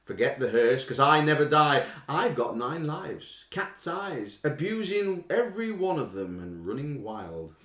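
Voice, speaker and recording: A man's voice: a little high, sing-song, a bit bright, echoey room. Playful man reading quiz lyrics. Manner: playful, reads lyrics with exaggerated drawn-out delivery. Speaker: quiz host. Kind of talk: casual live quiz hosting, reading lyrics aloud.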